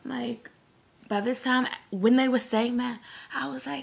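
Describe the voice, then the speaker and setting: Hoarse, gravelly-voiced woman ranting. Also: fairly high pitch, unhurried, loud music behind the voice. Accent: New York. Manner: animated, indignant, swears freely. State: hoarse from screaming. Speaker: vlogger telling a story. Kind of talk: casual storytelling rant.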